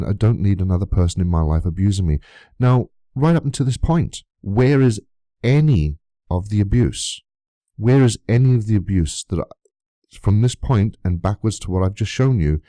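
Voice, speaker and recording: Indignant deep-voiced man ranting. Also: mellow, dry recording, clean studio sound. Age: adult, long friendship of nearly twenty years. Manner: indignant, rhetorical, swears freely. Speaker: YouTuber. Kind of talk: vlog rebuttal, reading out messages.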